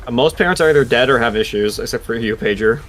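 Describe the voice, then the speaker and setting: A man narrating a tabletop game as game master, describing scenes slowly with fillers. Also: mid-range voice, fairly bright tone.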